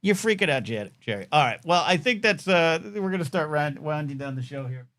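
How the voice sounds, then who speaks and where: A man hosting a live talk show from his apartment, low on energy and distracted, rambling and self-deprecating as he keeps talking to his dog. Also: expressive, brisk, a bit bright, no room sound. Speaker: host. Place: apartment at home. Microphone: desk microphone.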